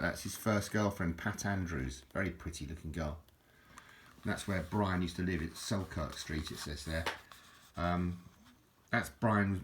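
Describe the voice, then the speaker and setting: A man with a low, deep voice chats casually, wandering off track, restarting his sentences and laughing at himself. A faint hiss sits under the close recording. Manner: rambling, chatty, self-deprecating, many restarts and fillers. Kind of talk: casual rambling book show-and-tell.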